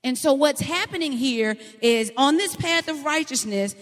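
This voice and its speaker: A woman preacher, delivering a sermon in a folksy, animated storytelling way. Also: high voice, normal speed. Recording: long hall reverb.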